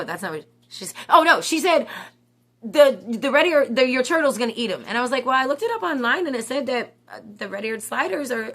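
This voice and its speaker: A woman's voice: fairly high pitch, fairly bright tone. A woman in her forties telling a rambling story to camera in a casual vlog, chatty and self-mocking, often checking in with "okay?". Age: 40s. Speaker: vlogger.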